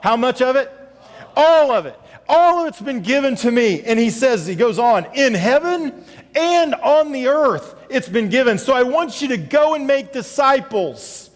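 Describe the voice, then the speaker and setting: A man preaching a sermon to his congregation. He moves between loud, emphatic calls and low, quiet scripture reading, and he speaks to members by name. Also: big pitch swings, a little slow, big-room sound. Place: church sanctuary.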